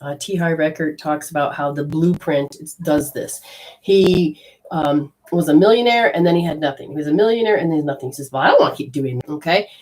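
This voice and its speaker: In a rough recording, a deep-voiced woman speaks a little quickly while leading a live channeling session as a spiritual medium. She rambles animatedly, alternating between loud bursts and whispered asides.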